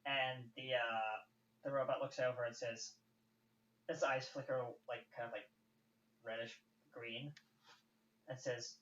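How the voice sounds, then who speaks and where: A man's voice: mid-range voice, flat delivery, unhurried, pauses often, a bit bright. A man runs a tabletop game, rambling along with plenty of ums and likes. He is picked up from a distance in an echoey room on a dull, lo-fi mic, with a faint hiss behind him. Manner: loose, rambling with many fillers. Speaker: game master.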